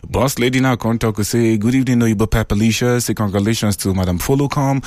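A man with a Nigerian Pidgin accent hosting a call-in radio show, reading out listener greetings in a lively, chatty way. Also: mid-range voice, quick pace, no echo, studio quality. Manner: lively, chatty, laughs often. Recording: radio broadcast with faint music.

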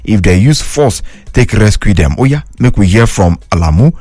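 A Nigerian man reading radio news with a Nigerian Pidgin accent, in a brisk, chatty newsreader style. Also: on the low side, animated, a little mellow.

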